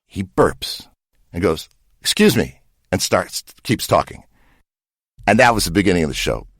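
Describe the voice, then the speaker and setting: A man's voice: sits low, sing-song, moderate pace, fairly bright tone, husky, no echo. A man, a TV director, telling an anecdote with dry humor, imitating the others. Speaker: TV director, interviewee. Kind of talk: animated anecdote.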